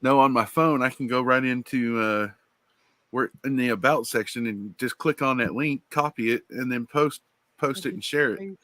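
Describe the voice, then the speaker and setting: A man rambles easily through a live stream chat, circling back on his words. His pitch is ordinary and the recording is close and dry. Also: normal speed, sharp tone, no echo. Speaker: panel guest. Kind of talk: casual livestream chat.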